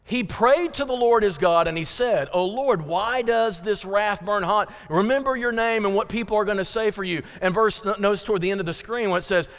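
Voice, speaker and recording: Man, pastor, sermon, high voice, dramatic, echoing hall. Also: fairly quick, hardly any pauses. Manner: dramatic, swings between loud pleading and hushed emphasis.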